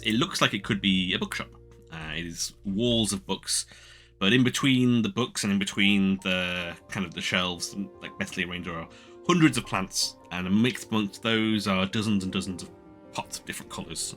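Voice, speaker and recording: A man's voice: low voice, sharp tone. A man narrating a tabletop role-playing game as game master, casual and meandering, with many fillers.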